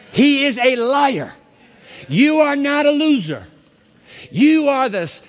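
A man preaching a sermon as pastor, impassioned and emphatic, with dramatic swings. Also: very high voice. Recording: echoey church hall.

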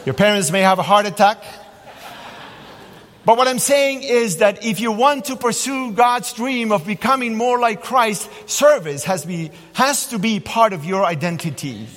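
A man preaching a sermon as a pastor, telling stories in an animated way. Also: sits high, a little slow. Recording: long hall reverb.

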